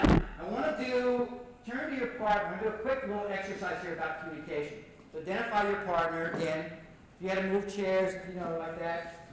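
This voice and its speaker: A man giving an animated workshop lecture, repeating points and directing the audience, recorded from far off on old reel tape in an echoey hall. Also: sits high, slight background noise. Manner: animated, repetitive, coaching the audience.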